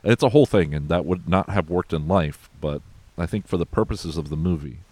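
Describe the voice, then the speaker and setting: Man, extremely low voice, profane casual movie recap host, dry close mic. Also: fairly quick, a little mellow, no room sound. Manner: rambling, profane, loose and conversational. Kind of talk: casual film recap chat.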